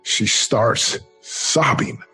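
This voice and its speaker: A middle-aged man telling his life story in an interview, earnest and emphatic, slowing down on key phrases. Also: bright, forceful tone, faint music behind. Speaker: interview guest, former football player and speaker.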